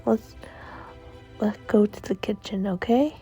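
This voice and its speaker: A woman's voice: mid-range voice, measured pace, warm tone, breathy edge, soft background music. A woman voicing a loving mother who sweetly comforts her little son. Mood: comforting. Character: tender loving mother of a small boy.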